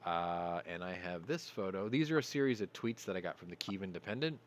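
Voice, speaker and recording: A man's voice: deep voice, expressive, a little fast, slight background noise. A man hosting a casual news commentary show, rambling, going off on tangents and apologizing for them. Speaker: host.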